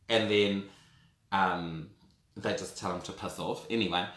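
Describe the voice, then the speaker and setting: A man in his thirties with a New Zealand accent, telling a personal story to camera in a camp, animated way and often calling the listener "girl". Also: fairly low pitch. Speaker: vlogger. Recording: roomy echo.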